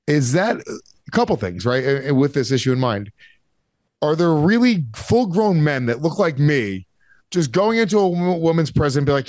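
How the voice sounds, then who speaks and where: Man, slightly high voice, rambling casual podcast chat, dry close sound. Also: lively intonation, normal speed, a little mellow, no room sound. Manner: rambling, swears a lot, frequent fillers. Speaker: podcast co-host.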